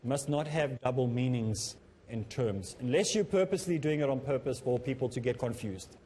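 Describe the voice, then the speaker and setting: Mellow-voiced man giving an earnest lecture. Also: medium pitch, normal speed, slight background noise. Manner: earnest, instructive, addresses viewers directly. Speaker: TV presenter teaching public speaking. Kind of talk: studio lecture to camera. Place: television studio.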